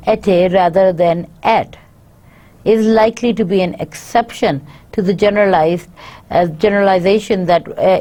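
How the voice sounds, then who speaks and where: A woman's voice: mid-range voice, warm tone. A woman lecturing, reading each point and then explaining it again in her own words, with frequent fillers. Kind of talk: university lecture, reading and paraphrasing.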